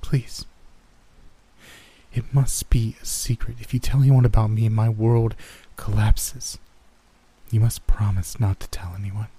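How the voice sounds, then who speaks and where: A man's voice: fairly low pitch, fairly even intonation, moderate pace, mellow, breathy edge. Field: a man doing a weary little girl, faint German accent. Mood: weary pleading. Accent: German hint. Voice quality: tired, strained on every word. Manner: urgent, pleading. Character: exhausted eight-year-old girl, pleading, faintly German.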